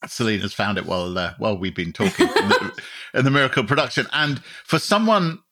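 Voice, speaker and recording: A man's voice: mid-range voice, brisk, bright, forceful tone. A man hosting a podcast, interviewing his guest in enthusiastic, conversational chat. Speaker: podcast host.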